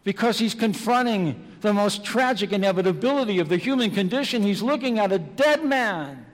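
A man preaching an evening sermon, slow and dramatic, moving between hushed and loud passages. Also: high-pitched, animated. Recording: long reverb of a large hall.

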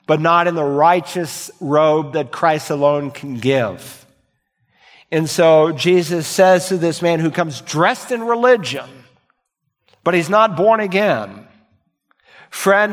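A man delivers a sermon from the pulpit, his voice sitting a little high for a man. He swings between forceful, ringing emphasis and hushed asides. The sound trails off in the long reverb of a big hall. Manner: preaching with dramatic swings in volume and emphasis. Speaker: pastor.

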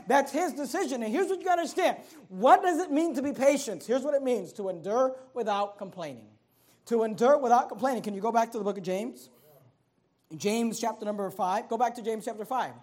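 A man delivers a sermon in a strikingly high-pitched voice. He preaches emphatically, climbing toward near shouts and then sinking low, often doubling back on words and phrases. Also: fast talker.

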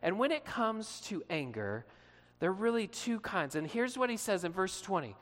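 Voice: mid-range voice, sing-song, normal speed, fairly bright tone, long reverb tail. A pastor preaching a sermon in a conversational way, asking the listeners questions and acting out short quotes.

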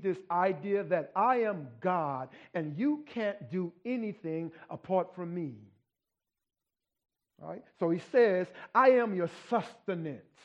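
A man's voice: sits high, highs cut off. A man preaching a sermon in a conversational teaching manner, often checking in with the listeners by asking "right?". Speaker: pastor.

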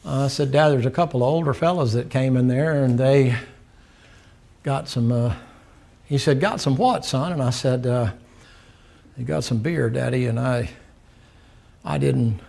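A man's voice: mid-range voice, unhurried, gravelly, pauses often, darkish tone. An older man preaching a sermon, telling a folksy story, laughing and acting out the dialogue.

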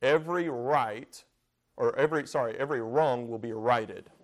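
A man teaches a church Bible study in an earnest, conversational manner. He circles back on his phrases and keeps putting questions to the room. His voice sits at an ordinary middle pitch. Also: moderate pace.

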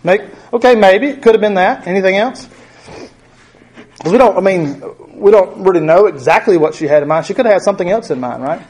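Man, middle-aged, Bible study teacher, chatty, quizzes the group, slightly high voice. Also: brisk, a little mellow, a little hiss or hum. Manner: conversational, asks the group questions.

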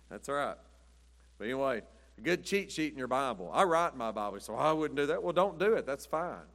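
A man's voice: medium pitch, animated, moderate pace, a bit bright. A man preaching a sermon in a folksy, rambling storytelling way, chuckling often. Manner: rambling, chuckling, says "but anyway" often.

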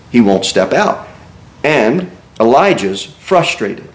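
A man's voice: fairly high pitch, unhurried. A man preaching an expository sermon in a church, reading scripture aloud and acting out the speakers he quotes. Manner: animated preaching, reads scripture aloud and acts out quoted speech. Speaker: pastor. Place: church sanctuary.

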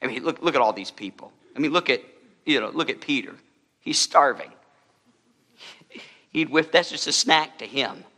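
A man's voice: medium pitch, animated, normal speed, pauses often, pushed and bright, long reverb tail. A man preaching a sermon as a pastor, in a conversational style with humorous asides.

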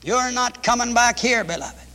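Male preacher, very high voice, fiery and emphatic, repetitive, long hall reverb. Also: normal speed. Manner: preaching with sweeping rises to shouts and drops to low tones. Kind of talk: fiery radio sermon.

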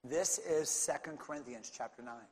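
A male pastor preaching a sermon, swinging from casual talk with the congregation to fervent shouting. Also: on the high side, normal speed, husky. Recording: long hall reverb.

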